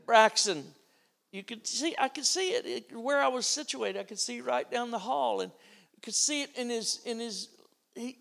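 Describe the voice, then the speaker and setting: A man's voice: very high-pitched, moderate pace, gravelly, a bit bright. An older man preaching a sermon, telling a family story and acting out the voices of the people in it.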